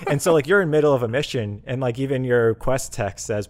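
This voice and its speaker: A man on a casual podcast about video games, retelling a game scene with lively acted-out quotes. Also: medium pitch, fast. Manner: animated storytelling, acts out quoted characters. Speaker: podcast co-host.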